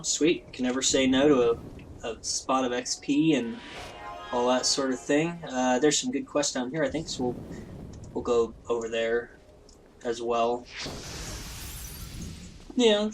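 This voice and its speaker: A man's voice: mid-range voice, fairly even intonation, measured pace, faint music behind, rough recording. A man giving rambling, self-deprecating, jokey commentary while playing a game. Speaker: let's play host. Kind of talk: casual gameplay commentary.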